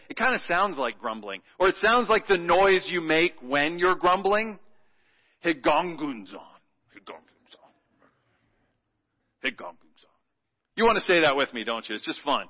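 Preacher, male, slightly high voice, playful call-and-response, long church reverb. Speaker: pastor. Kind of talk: sermon. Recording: muffled sound with long hall reverb.

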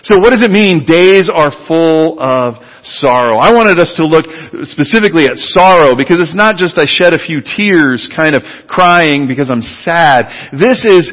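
Male pastor, fairly high voice, emphatic sermon delivery, long church reverb. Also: expressive, normal speed, hardly any pauses, a bit bright. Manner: leads the congregation in call-and-response repetition.

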